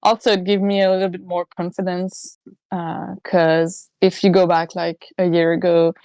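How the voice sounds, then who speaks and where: A woman with a French-Canadian accent co-hosts a casual podcast in English, her second language. Her voice sits fairly low, and she speaks hesitantly, often pausing to find words. The recording sounds dry and close. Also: level tone, darkish tone, no echo. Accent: Québécois French. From Quebec, Canada. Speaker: podcast co-host.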